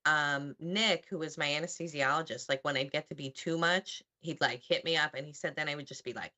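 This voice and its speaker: Nurse guest, female, low pitch, bright edge, chatty and matter-of-fact. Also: brisk. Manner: explains medical terms matter-of-factly, chatty. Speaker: operating room nurse guest. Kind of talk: casual chat.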